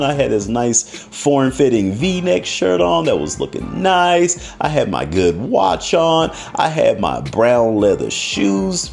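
Animated, lively-voiced male storyteller. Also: on the high side, gravelly. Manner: animated, profane, laughs often. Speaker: storyteller addressing viewers. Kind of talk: casual storytelling.

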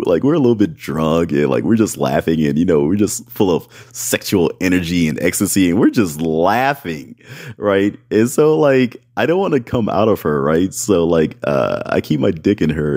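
Low-voiced man rambling through a story. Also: lively intonation, normal speed, darkish tone. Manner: rambling, filler-heavy, keeps asking "right?"; addresses listeners as "y'all". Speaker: podcast host. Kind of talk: casual explicit storytelling.

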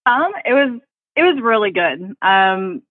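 A woman joining remotely over a tinny, phone-like line with a dry sound. She speaks at a middling pitch, chatting in a relaxed, giggly way as a podcast guest. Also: unhurried, no room sound. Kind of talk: casual chat.

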